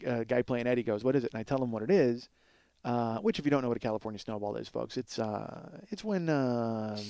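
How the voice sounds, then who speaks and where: A man's voice: mid-range voice, gravelly, a little mellow, dry recording. A man hosting a podcast, telling a profane comic story and acting out the dialogue he quotes. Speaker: podcast host.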